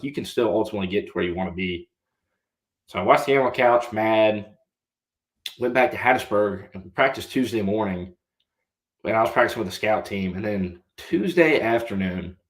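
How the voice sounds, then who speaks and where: Young man telling a story in a roomy room. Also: on the low side. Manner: polite, says "yes, sir". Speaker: podcast guest, former college quarterback. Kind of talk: casual storytelling. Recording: roomy echo.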